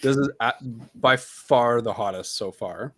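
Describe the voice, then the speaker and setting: A man's voice: mid-range voice, measured pace, fairly bright tone, no room sound. A man in casual chat during a streamed tabletop game, announcing things in a showman-like, mock-formal way. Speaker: tabletop game player tasting hot sauce on stream.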